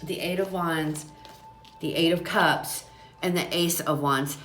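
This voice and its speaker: A woman's voice: deep voice, fairly even intonation, slow, a bit bright, roomy sound, soft background music. A woman giving a casual tarot reading, talking straight to her listeners in a chatty, repetitive and emphatic way, with a runny nose and watery eyes. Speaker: tarot reader. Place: small room at home.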